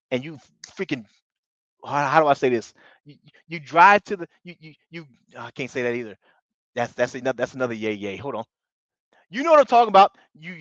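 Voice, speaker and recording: A man's voice: fairly high pitch, a bit bright, dry recording, muffled recording. A man hosting a basketball live stream, chatting casually in slang, greeting viewers and repeating himself as he talks through matchups. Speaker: basketball channel host.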